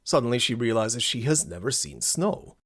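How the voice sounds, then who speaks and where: A man's voice: medium pitch, lively intonation, moderate pace, gravelly, fairly bright tone, slightly rough. A man hosting a let's play, reading game text aloud and reacting with amusement. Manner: amused, laughs at the game often.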